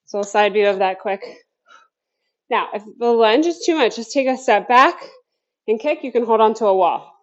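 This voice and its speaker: A woman's voice: fairly high pitch, lively intonation, moderate pace, lo-fi sound. A woman coaching a home workout class, counting down cues and chatting between sets while out of breath. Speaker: fitness instructor. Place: home basement.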